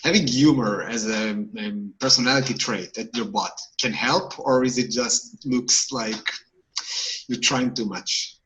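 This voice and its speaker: Host: man with a medium voice, asks friendly, slightly halting questions on a video call. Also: mid-range voice, fairly bright tone, low-quality recording. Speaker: meetup host. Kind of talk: interview questions.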